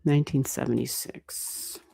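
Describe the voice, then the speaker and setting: An American woman giving astrology readings on a livestream, thinking aloud and chatting with viewers in a relaxed way, with the odd swear word. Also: very deep voice, measured pace, vocal fry. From United States. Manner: thinks aloud, talks to chat, mild swearing. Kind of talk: casual livestream chat.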